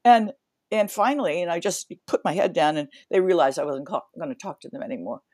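A woman's voice: low voice, expressive, fast talker, darkish tone, dry recording, clean studio sound. A woman in her seventies, an interview guest, telling a story vividly, acting out scenes with sound effects and many restarts. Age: 70s.

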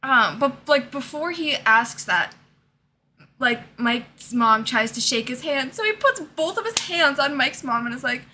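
A woman's voice: high voice, lively intonation, measured pace, bright, forceful tone, slight background noise. A young woman in casual chat, retelling TV scenes and repeatedly breaking into laughter. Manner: giggly, keeps cracking up while retelling scenes. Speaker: co-host. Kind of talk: casual chat recapping a TV series.

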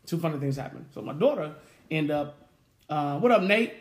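A man co-hosting a podcast, chatting casually as an animated storyteller who laughs often and swears freely. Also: on the high side, moderate pace, roomy sound. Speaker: podcast co-host. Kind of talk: casual chat.

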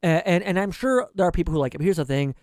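High, lively-voiced podcast host. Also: male voice, racing, no echo, clean studio sound. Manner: rambling, restarts a lot, laughs often. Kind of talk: casual chat.

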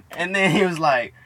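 A man's voice: high-pitched, sharp tone, a little hiss or hum. A young man co-hosting a podcast from inside a car, telling stories casually, laughing often and acting out other people's lines. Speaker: podcast co-host. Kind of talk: casual storytelling chat.

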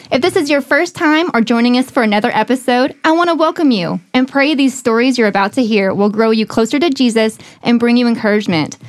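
A woman with a fairly high voice hosts a faith podcast in an upbeat, friendly way. She reads a scripted welcome and then moves into easy interview chat. Soft music plays faintly behind her. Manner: upbeat and friendly, laughs often. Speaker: podcast host.

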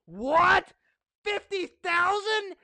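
A high-pitched podcast host with a gravelly edge runs a hyped-up sports preview. The voice is bright and forceful, recorded dry and close. The host talks excitably, shouting and firing off rhetorical questions. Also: extremely slow, no room sound. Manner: excitable, shouts, keeps asking "What?".

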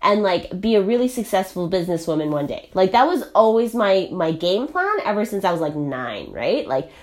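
A woman's voice: mid-range voice, big pitch swings, normal speed. A young adult woman talking casually about her own life, chatty and full of fillers, often checking in with "right?". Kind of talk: casual personal monologue.

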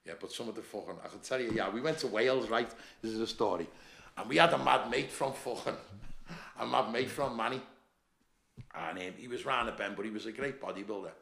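A man's voice: on the low side, a little fast, gravelly. A man with a Liverpool accent, a bodybuilder and gym owner on a podcast, telling stories in a casual chat full of swearing and "mate" and "lad". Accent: Liverpool (Scouse). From Liverpool, England. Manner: animated anecdotes, heavy swearing, lots of "mate" and "lad". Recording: roomy echo.

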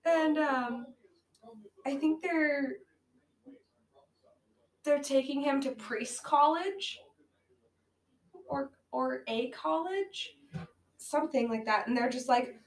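A woman's voice: high-pitched, takes it slowly, pauses often. A woman co-hosting a casual movie-review podcast, recapping a bad film with sarcasm, frequent laughter and swearing. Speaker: podcast co-host. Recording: echoey room, amateur audio.

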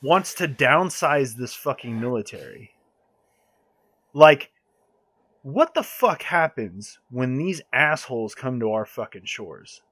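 A man's voice: medium pitch, animated, takes it slowly, fairly bright tone, husky, dry recording. A man ranting hard in a casual podcast chat, heated and swearing often.

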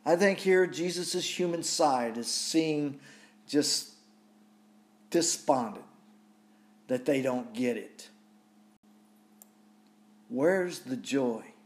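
A man's voice: a little high, slow pace, pauses often. A man preaching a sermon, reading scripture aloud and reflecting on it with repeated rhetorical questions.

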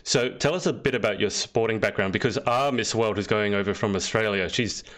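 A man hosts a live online interview, asking friendly, chatty questions. His voice sits fairly low, and he talks in an easy, conversational way. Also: brisk, a bit bright. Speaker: interview host. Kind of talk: casual interview. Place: live online video call.

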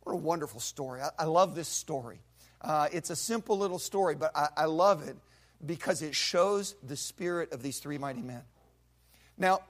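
A male pastor preaching a sermon, retelling a Bible story with vivid acted voices and sound effects. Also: a little high.

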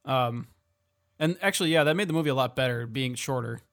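Gravelly laid-back man in podcast chat. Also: mid-range voice, fairly quick, fairly bright tone. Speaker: podcast co-host. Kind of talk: casual podcast chat about films.

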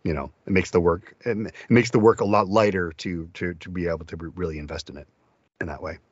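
A man's voice: low voice, steady tone, fast, a little mellow, husky, no echo, lo-fi sound. A man who narrates audiobooks, talking in an interview with enthusiasm and many restarts. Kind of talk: casual interview talk.

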